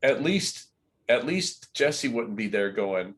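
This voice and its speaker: A man hosting a casual interview, telling lively stories and laughing at them. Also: mid-range voice, takes it slowly, breathy edge. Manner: lively storyteller, laughs at his own stories. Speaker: host.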